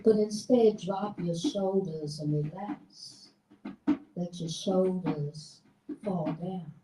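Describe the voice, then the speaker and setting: A woman guiding a group through a slow breathing meditation in a theater, with calm, drawn-out instructions. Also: on the low side. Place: theater hall. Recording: roomy live hall from far off.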